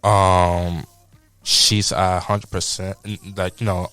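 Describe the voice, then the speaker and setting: A young adult man, a podcast guest, giving relaxed, rambling advice in casual chat. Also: sits low, takes it slowly, clear, resonant tone, no room sound. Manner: laid-back, advice-giving, loose and rambling.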